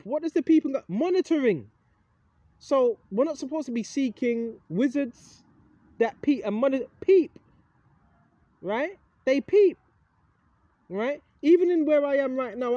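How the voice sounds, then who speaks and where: A man's voice: very high-pitched, mellow, slight background noise. A man giving an informal, rambling Bible lesson, emphatic and swearing casually, forever asking "right?". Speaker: preacher.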